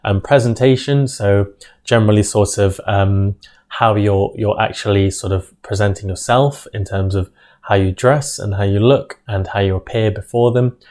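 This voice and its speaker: A young man explains interview skills straight to camera, his voice low and mellow. He pauses with frequent ums and trips over repeated words as he goes, gesturing with his hands while he talks. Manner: hesitant, many ums and restarts; uses hand gestures while speaking. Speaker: medical school interview tutor. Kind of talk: instructional talk to camera.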